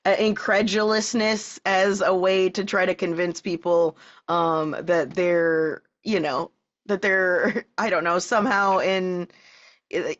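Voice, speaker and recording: A woman's voice: fairly low pitch, fairly bright tone. Female podcast co-host, easy laugh, trailing sentences, slightly dull audio. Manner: laughs easily, trails off mid-thought. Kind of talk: casual podcast chat.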